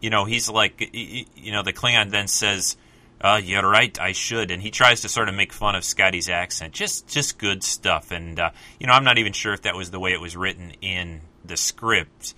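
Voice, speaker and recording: A very low-voiced man giving casual fan commentary in a bright, forceful tone. He rambles, restarts his sentences and fills pauses with lots of "uh"s. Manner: rambling, many fillers and restarts. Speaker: podcast host.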